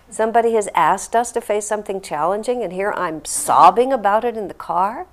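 A woman's voice: mid-range voice, fairly quick, hardly any pauses. An older woman, a spiritual teacher, talking to a group and telling an earnest, reflective story with acted-out quotes. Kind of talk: talk to a group, answering a question.

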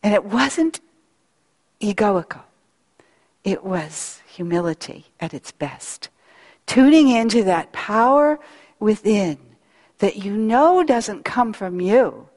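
Slow, earnest woman speaker in a hall. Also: mid-range voice, animated, darkish tone. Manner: earnest, reflective, slow pauses. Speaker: spiritual speaker. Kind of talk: devotional talk with storytelling. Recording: long hall reverb.

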